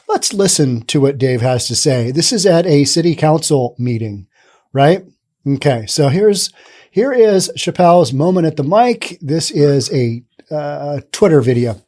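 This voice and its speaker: A man's voice: a little high, expressive, a little slow, a little mellow. Man giving chatty, sarcastic news commentary. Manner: conversational, rambling, sarcastic asides.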